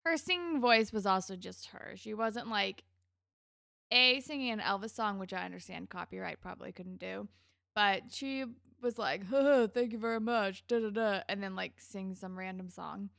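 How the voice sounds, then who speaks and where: A woman co-hosting a podcast, chatting in a relaxed, rambling way and laughing often as she recaps a TV episode. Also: mid-range voice, normal speed, vocal fry, no echo, clean studio sound. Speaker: podcast co-host. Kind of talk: casual chat recapping a TV episode.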